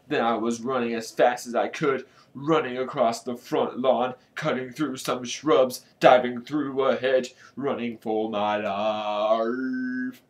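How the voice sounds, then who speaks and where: A man casually reading a storybook aloud, with a lively delivery and joking asides. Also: mid-range voice. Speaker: channel host reading aloud.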